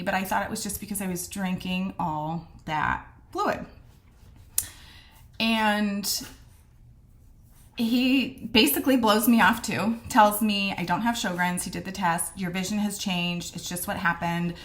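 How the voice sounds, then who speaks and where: Brief: middle-aged woman, candid vlogger, mid-pitched, animated retelling with quoted back-and-forth. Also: a little slow. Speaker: midwife sharing her diagnosis story. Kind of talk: casual storytelling to camera.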